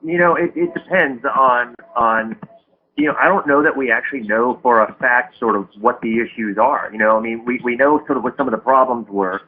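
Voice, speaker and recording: A man's voice: medium pitch, brisk. A man talking as a guest on a poker panel, hesitant and filling his speech with "you know" and restarts. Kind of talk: casual panel talk. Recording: tinny phone line with faint hiss.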